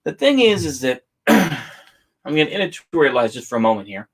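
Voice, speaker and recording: A man reading a memoir aloud in a relaxed, halting way, pausing to fix his misreadings and add casual asides. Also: medium pitch. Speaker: audiobook reader.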